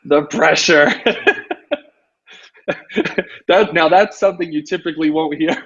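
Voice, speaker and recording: A man hosting a casual interview as a real estate coach, telling stories with lots of "you know" and an animated delivery. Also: a little high, brisk, husky. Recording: dull lo-fi audio.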